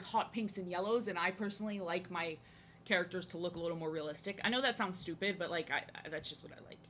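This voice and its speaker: A woman's voice: medium pitch, bright, forceful tone, a little hiss or hum. A young American woman chatting and rambling casually to viewers while she draws. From United States. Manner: chatty, rambling, self-deprecating. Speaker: art streamer.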